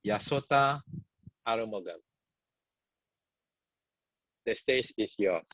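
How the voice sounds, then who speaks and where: Slow, measured man hosting. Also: lowish voice, expressive, a bit bright, no echo, lo-fi sound. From Malaysia. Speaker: event host. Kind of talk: formal introduction of a speaker.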